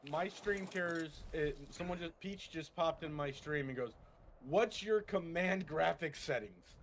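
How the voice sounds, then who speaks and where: Chatty guy on game voice chat, kinda high voice, bit of hum in the background. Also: measured pace. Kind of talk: casual gaming voice chat.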